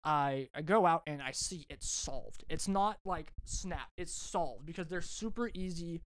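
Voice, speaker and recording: A young man tells a long, animated story on a casual podcast, swearing freely and restarting his sentences as he goes. His voice sits a little high and comes across smooth and clear, recorded close and dry. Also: measured pace, no echo. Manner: rambling, animated, swears a lot, many restarts. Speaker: podcast host.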